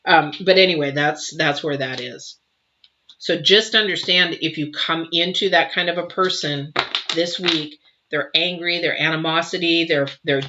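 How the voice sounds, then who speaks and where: Female tarot reader, emotive, rambling and comforting; low-set, forceful tone, muffled lo-fi audio. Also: fairly even intonation, unhurried. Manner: emotive, chatty, reassuring, with many fillers and restarts. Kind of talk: live tarot reading and viewer Q&A. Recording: dull lo-fi sound.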